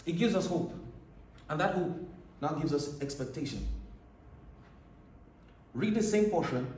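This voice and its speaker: Man, preacher, sermon, emphatic scripture reading, slightly high voice, distant mic, echoey hall, faint room noise. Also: expressive, a little slow, darkish tone. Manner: reads scripture in a raised, emphatic voice.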